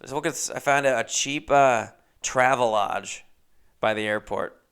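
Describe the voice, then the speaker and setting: A young man hosting a podcast, telling a casual story with lively asides, acting out other people's lines and swearing freely. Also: medium pitch, measured pace, clean tone. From Los Angeles. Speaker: podcast host.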